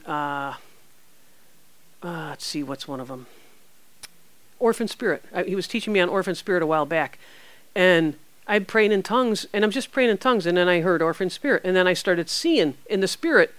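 A woman preacher giving an informal, animated teaching and answering questions, with playful sound effects. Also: lowish voice, dry recording.

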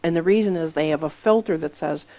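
Low-voiced woman preaching conversationally. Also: fast, dark tone, dry recording, lo-fi sound. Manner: emphatic storytelling, acts out quoted voices. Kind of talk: conversational sermon.

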